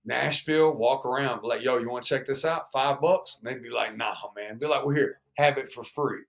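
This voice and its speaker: A man's voice: medium pitch, fairly quick, creaky. Profane man telling stories. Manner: profane, animated, acts out quoted voices. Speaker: guest musician. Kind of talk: casual interview storytelling.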